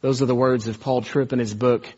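A man preaching a sermon in an earnest way, acting out everyday scenes and slowing down for emphasis. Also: medium pitch, steady tone, darkish tone, breathy edge, lo-fi sound.

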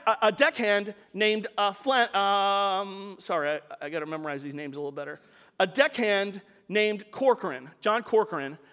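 A man's voice: sits high, fairly bright tone, big-room sound. A man preaching a sermon, telling a story in a conversational way with casual asides to the congregation.

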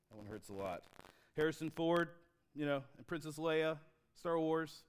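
A man preaching a sermon in a church, talking conversationally with restarts and slowing down when he reads scripture. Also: a little high, lively intonation. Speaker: pastor.

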